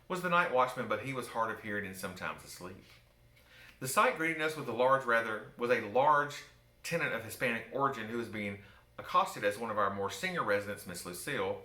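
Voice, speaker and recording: Southern man, softened accent, theatrical storyteller, bright tone, roomy sound. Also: fairly low pitch. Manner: wry, theatrical, with joking asides to the listener. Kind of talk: personal storytelling from his book. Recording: roomy echo.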